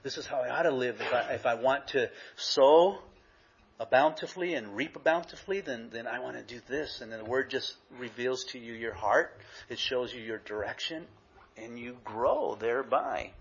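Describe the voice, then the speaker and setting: A man's voice: mid-range voice, normal speed, highs cut off, slight background noise. A man, an associate pastor, preaching a conversational sermon with anecdotes.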